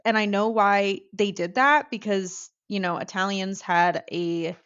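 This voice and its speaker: American woman guest on a podcast call, animated, does little voices, kinda muffled audio. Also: medium pitch, unhurried, clear, resonant tone. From United States. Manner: animated, acts out quoted voices. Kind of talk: casual conversation. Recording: slightly dull lo-fi audio.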